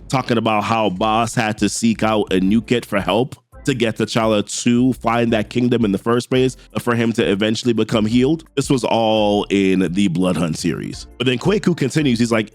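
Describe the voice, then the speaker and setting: A man casually recapping a comic book, paraphrasing characters' lines with animated asides. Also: on the low side, moderate pace, hardly any pauses, soft background music.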